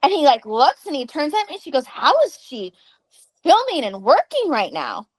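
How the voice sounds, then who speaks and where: A woman in her thirties co-hosts a casual podcast, telling stories in an animated way. Her voice sits a little high, and she drops the odd swear word. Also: normal speed. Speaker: podcast co-host. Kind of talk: casual chat.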